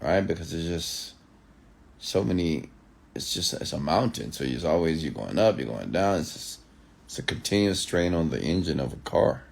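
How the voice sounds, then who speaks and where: Deep gravelly man on a late-night stream. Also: animated. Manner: shifts pace and tone on purpose, slows to a measured news-anchor delivery. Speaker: livestream host answering viewer comments. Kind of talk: late-night live chat.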